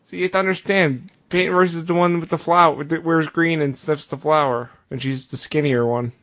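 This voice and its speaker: A man's voice: a little high, fairly even intonation, brisk, a bit bright. A man co-hosting a casual podcast, an eager fan who gets defensive. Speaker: podcast co-host. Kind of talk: casual wrestling chat.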